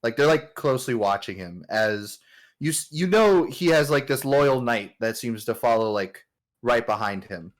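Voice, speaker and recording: A man narrating as game master of a tabletop game, in a relaxed, filler-heavy way. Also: mid-range voice, moderate pace.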